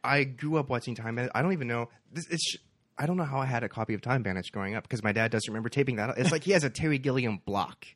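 A man's voice: medium pitch, racing, a bit bright, no echo. A man co-hosting a podcast, chatting casually with friends about films, laughing and trailing off between thoughts. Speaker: podcast co-host. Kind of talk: casual chat among friends.

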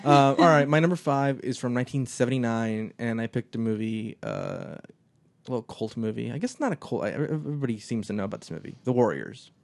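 A man's voice: medium pitch, quick pace, dry recording. A man chats casually about movies, rambling along with plenty of restarts and fillers. His voice sits in the middle range and sounds close and dry, with no room sound around it. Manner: relaxed, rambling with many restarts. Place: small office.

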